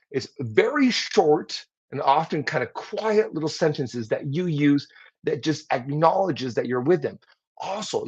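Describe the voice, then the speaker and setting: A man coaching on public speaking during a livestream, lively, acting out example replies as he teaches. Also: medium pitch, slightly rough. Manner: energetic, demonstrates tones and acts out example replies. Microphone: livestream mic. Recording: slightly dull lo-fi audio.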